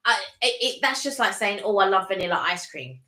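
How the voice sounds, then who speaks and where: A woman's voice: mid-range voice, animated, a little fast, sharp tone. A woman co-hosting a casual live stream, chatting enthusiastically with many restarts. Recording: echoey room.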